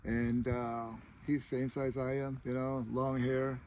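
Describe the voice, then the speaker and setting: A man's voice: medium pitch, little pitch movement, measured pace, a little mellow, slight background noise, rough recording. A middle-aged man talking through personal stories in a casual interview, rambling and dropping "you know" again and again. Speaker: tribal chair candidate.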